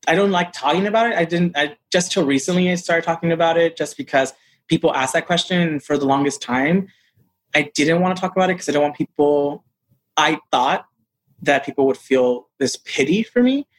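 A man, an actor being interviewed, telling a personal story in a lively, casual way. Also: on the high side, brisk, poor audio. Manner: animated, acts out quoted voices. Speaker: actor guest.

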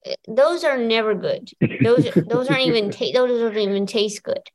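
Woman, host, fairly high pitch, dry playful banter. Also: moderate pace, darkish tone, rough recording. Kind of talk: casual comedy podcast hosting.

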